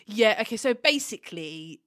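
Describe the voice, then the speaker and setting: A woman's voice: medium pitch, expressive, moderate pace, a bit bright. A woman hosting a podcast in casual chat, talking in a chatty, rambling and giggly way. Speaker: podcast host. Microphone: studio podcast mic.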